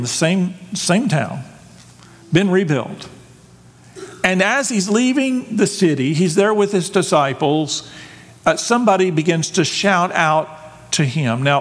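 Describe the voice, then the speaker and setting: Animated preaching man in reverberant hall. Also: sits high. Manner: animated, emphatic preaching with rhetorical questions. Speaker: pastor. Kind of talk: sermon. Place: church sanctuary.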